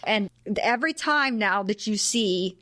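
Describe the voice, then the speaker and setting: A woman's voice: mid-range voice, lively intonation, unhurried, bright, forceful tone. A woman hosting a podcast, chatting casually about an old film and laughing often. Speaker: podcast host.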